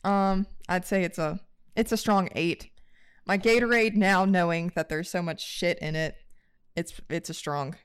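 A woman's voice: on the low side, a little slow, clear, resonant tone, dry recording. A woman with a West Virginian accent, co-hosting a podcast and telling rambling stories with laughs and swearing. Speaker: podcast co-host. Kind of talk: casual chat.

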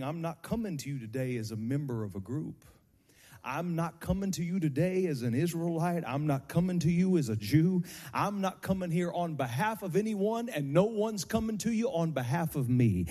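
A male pastor preaching a sermon to his congregation on a handheld microphone, building from slow teaching into shouted, sung cadences. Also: a little high, big-room sound. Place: church sanctuary.

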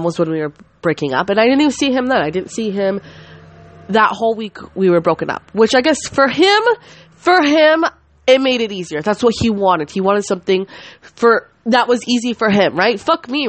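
A woman's voice: medium pitch, no echo. A woman in her twenties hosting a podcast, rambling and swearing as she vents angrily, often cutting herself off mid-sentence. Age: 20s. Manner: rambling, profane, angry, self-interrupting. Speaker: podcast host. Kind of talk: casual venting monologue.

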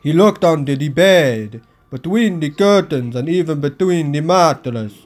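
A man hosting a podcast, reading a first-person audiobook aloud in a steady storytelling delivery. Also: a little high, a little slow.

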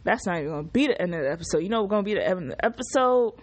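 A woman hosting a casual solo podcast, recapping a show in an animated, profane, exclamatory way. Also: medium pitch, racing, breathy edge. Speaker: podcast host.

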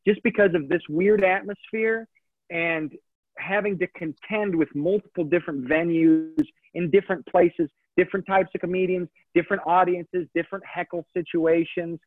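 On a tinny, phone-like line with a dry sound and no room noise, a comedian in his thirties with a higher-pitched voice tells a story in a casual interview. He's chatty and digressive, often correcting himself.

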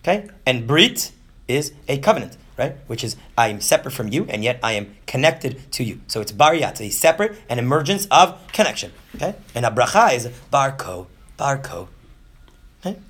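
Husky man in his thirties, lively swooping lecture delivery, often asks "right?". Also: mid-range voice. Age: 30s. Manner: animated, often asks "right?", acts out quick voices. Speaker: teacher of Jewish texts.

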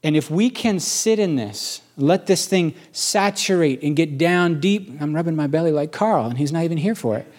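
A middle-aged man preaching a sermon as pastor, animated, slowing down to stress key phrases and rising into rapid questioning bursts. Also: a little high. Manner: slows for emphasis on key phrases.

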